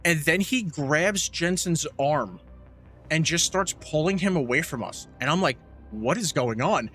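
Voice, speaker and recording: Man, podcast co-host, bright tone, animated storyteller, swears a lot, faint music underneath. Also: on the high side, a little slow. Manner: animated storyteller, swears freely, acts out quotes. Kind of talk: casual chat.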